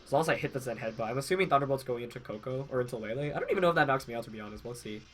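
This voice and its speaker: A man's voice: medium pitch, very fast, a bit bright, slight background noise. A young man with a head cold, congested, casually commentating his own match while thinking aloud with fillers and self-corrections. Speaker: game commentator.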